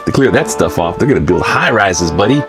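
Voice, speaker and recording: A man's voice: low-pitched, lively intonation, fairly quick. A man hosting a spoof news show, reading newspaper letters aloud and breaking in with wry, mocking asides. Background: music.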